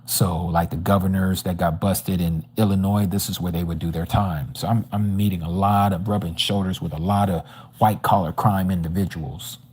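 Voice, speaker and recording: A man's voice: sits low, steady tone, moderate pace, a little mellow, breathy edge. A man giving a personal testimony at a religious study, telling his story animatedly and acting out the dialogue. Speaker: Bible study teacher. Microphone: livestream microphone.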